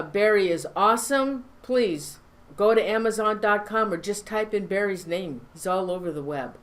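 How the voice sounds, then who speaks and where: A woman hosting a live online show, talking casually and rambling, with lots of fillers and restarts. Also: mid-range voice. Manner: rambling, halting with many fillers. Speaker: show host. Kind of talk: casual live-stream talk.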